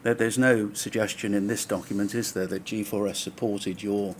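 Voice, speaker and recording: A man, counsel at a public inquiry, cross-examining a witness in a measured, probing way. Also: fairly low pitch, steady tone, a little hiss or hum. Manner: measured, probing, pressing follow-up questions. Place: public inquiry hearing room.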